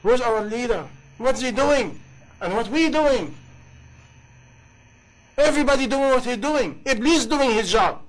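A man's voice: extremely high pitch, animated, measured pace, pauses often, low-quality recording. A man preaching a sermon in passionate, English, with many rhetorical questions. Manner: impassioned, rhetorical questions, non-native grammar.

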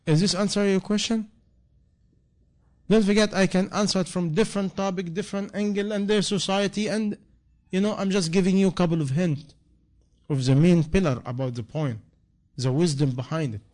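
Man, preacher, slightly high voice, repeating phrases with rising emphasis. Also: fairly even intonation, moderate pace, a little mellow. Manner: non-native English, impassioned repetition, rising emphasis. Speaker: imam. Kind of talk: sermon answering a question.

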